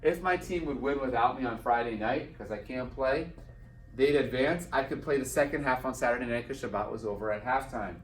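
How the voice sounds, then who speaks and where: A man's voice: medium pitch, brisk. A man speaking at an event, telling a personal story and slipping into the voices of the people in it. The room is echoey and he sits some distance from the microphone, so the sound feels open and roomy. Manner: animated storyteller acting out quoted dialogue. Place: event hall.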